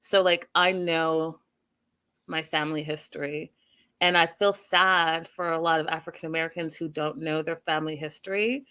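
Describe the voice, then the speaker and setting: A woman's voice: sits low, steady tone, normal speed, bright, forceful tone, clean tone. A woman from Canada hosting a casual TV recap, chatting directly to her viewers. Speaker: host.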